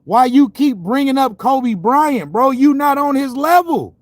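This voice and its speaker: Male sports vlogger, high voice, heated and profane, repetitive slangy rant. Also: expressive, a little slow, no echo.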